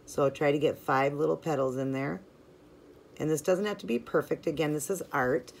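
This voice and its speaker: A woman with a notably low voice walks through a nail art tutorial in a relaxed, chatty way. She fills her talk with "like" and "you know" while working with her hands. A faint hiss of noise sits under the voice. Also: normal speed, gravelly. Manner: chatty and friendly, filler-heavy ("like", "you know"). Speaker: nail art channel host. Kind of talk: casual step-by-step tutorial narration.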